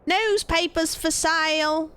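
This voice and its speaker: A woman voicing a small British newspaper boy in a cap, with a put-on British accent, calling out in a drawn-out way. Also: very high-pitched, bright, forceful tone, voice pushed up, exaggerated voice. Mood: pleading.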